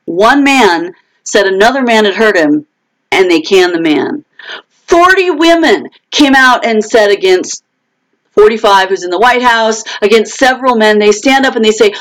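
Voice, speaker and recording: A woman from the United States hosts a casual live stream, reading out viewer comments and answering them by name. Her pitch swings widely as she talks. She restarts her sentences often, laughs in short bursts, and jumps into high, raised voices when she quotes other people. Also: expressive, moderate pace, poor audio. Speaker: author hosting a live chat.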